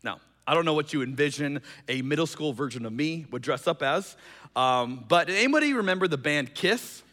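A man's voice: on the high side, animated, brisk, pushed and bright. A man preaching a sermon, telling a personal story and acting out the quoted voices. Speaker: pastor. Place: church hall. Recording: long hall reverb.

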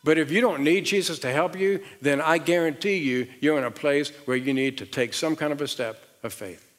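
A middle-aged man with a Southern accent preaches to his congregation in an easy, conversational way, doubling up words as he builds emphasis. His voice sits a little high for a man. The big church auditorium leaves a long reverb trailing after each phrase. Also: normal speed. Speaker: pastor. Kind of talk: sermon.

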